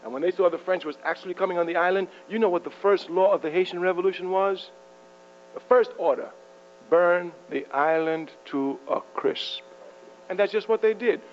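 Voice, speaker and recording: A man with a high, ringing voice gives a fiery political speech to a university crowd. He talks in sweeping rhetorical turns and chuckles at his own jests. The old archival tape sounds muffled, with a faint mains hum underneath. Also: moderate pace. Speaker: public speaker addressing university students. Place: university lecture hall.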